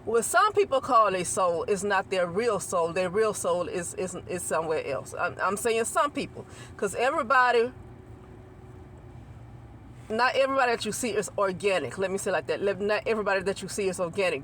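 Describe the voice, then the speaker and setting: A woman delivers a loose, unscripted spiritual talk to her channel's viewers. She rambles, restarts sentences and repeats herself, often checking in with a quick "okay?" Faint noise sits in the background. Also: mid-range voice, animated, fairly bright tone. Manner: rambling, repeats and restarts phrases, asks listeners to agree. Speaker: channel host. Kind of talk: casual spiritual monologue to camera.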